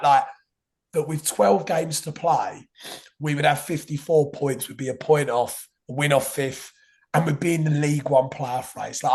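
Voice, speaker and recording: A young man hosting a casual football podcast. His voice is hoarse and half gone, and he talks in an excitable, rambling way. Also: on the high side. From England. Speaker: podcast host.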